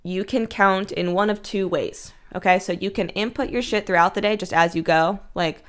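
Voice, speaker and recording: A woman's voice: mid-range voice, normal speed, few pauses. A young woman hosting a casual solo fitness podcast, blunt and breezy, swearing freely. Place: Washington.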